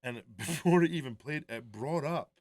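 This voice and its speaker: A man's voice: a little high, moderate pace, a little mellow, no echo. Profane rambling middle-aged man. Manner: rambling, profane, laughing often. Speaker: podcast co-host. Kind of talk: casual banter.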